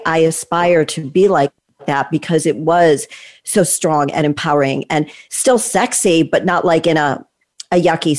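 A woman in her sixties hosts a conversational interview, talkative and enthusiastic, steering her guest with leading questions. Her voice is low and a little mellow.

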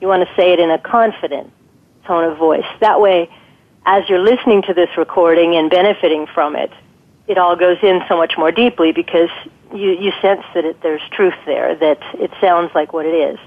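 A woman guest expert giving thoughtful, explanatory advice in an interview, pausing often with ums. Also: on the low side. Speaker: guest expert on guided imagery. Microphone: telephone. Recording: tinny phone line.

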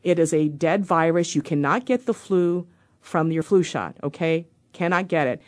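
A woman's voice: lowish voice, normal speed. A woman in her fifties, a doctor hosting a radio show, telling a story in a studio and acting out the quotes. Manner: animated, acts out the quotes she tells. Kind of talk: casual storytelling monologue.

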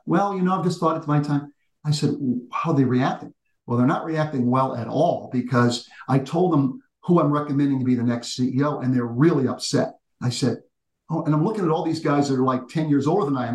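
A man in his sixties, an executive and teacher, telling stories in an animated conversational way with frequent restarts. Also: a little high, echoey room, low-quality recording. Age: 60s. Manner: animated storyteller with frequent restarts, addresses the host by name. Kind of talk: conversational interview storytelling.

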